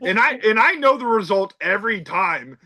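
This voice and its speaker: A man appearing as a podcast guest, chatting about a film in an animated, exclamatory way. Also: high voice, normal speed. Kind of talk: casual film discussion.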